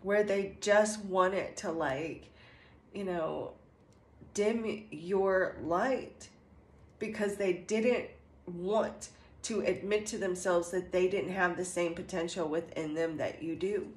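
Slow, soft-spoken woman reading tarot. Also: lowish voice, fairly even intonation. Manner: meandering, with many fillers and restarts. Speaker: tarot reader. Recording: echoey room with faint ambience.

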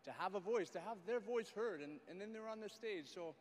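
A man's voice: sits high, expressive, fairly quick. A man hosting a youth summit on stage, upbeat and rallying the audience for applause. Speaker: event host. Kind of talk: emcee hyping crowd. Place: large arena stage. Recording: long arena reverb, crowd and noise.

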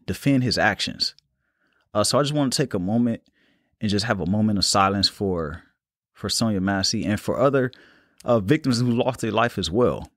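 A young man hosting a solo podcast, talking in a calm, unhurried, reflective way. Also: lowish voice, dry recording, studio quality. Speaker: podcast host. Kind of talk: casual solo podcast talk.

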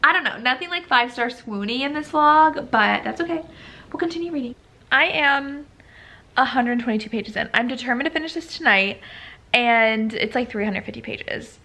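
A woman's voice: on the high side, lively intonation, normal speed, bright, forceful tone. A young woman chatting casually in a reading vlog at home, rambling with lots of "like" fillers. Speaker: book vlogger. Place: home at night by lamplight.

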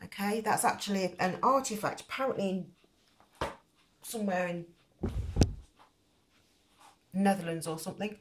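A woman's voice: medium pitch, normal speed, long pauses, noisy background. A middle-aged woman hosting a crochet channel, explaining at length in a rambling casual way with many fillers and restarts.

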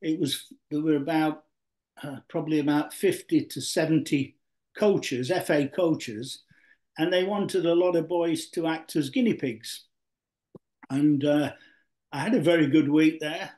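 A man's voice: fairly high pitch, unhurried, darkish tone. Older man from Yorkshire, rambling storyteller. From Yorkshire, England. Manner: rambling with many fillers and restarts. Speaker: guest, former footballer. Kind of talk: relaxed storytelling interview.

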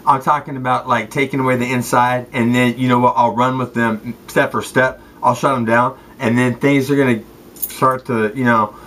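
Profane ex-athlete ranting to camera, mid-pitched, slangy and confrontational. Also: male voice, flat delivery, moderate pace, a bit bright, a little hiss or hum, poor audio. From Southern California. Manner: street slang, addresses people directly, repeats "straight up" and "okay". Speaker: former football player. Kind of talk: rambling profane rant to the camera.

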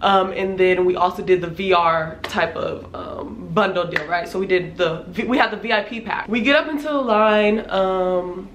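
A woman in her twenties with a congested voice, casually telling a storytime tale with animated delivery, laughing often and filling her talk with "like.". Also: mid-range voice, moderate pace, few pauses. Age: 20s. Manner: animated, laughing, lots of "like" fillers. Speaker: vlogger. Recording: roomy echo, faint background noise.

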